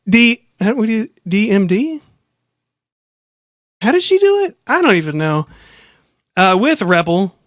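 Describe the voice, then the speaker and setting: A man's voice: high-pitched, fairly bright tone, clean tone, no echo, clean studio sound. A young man casually recapping and giving opinionated commentary, rambling with frequent restarts. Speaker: wrestling show reviewer.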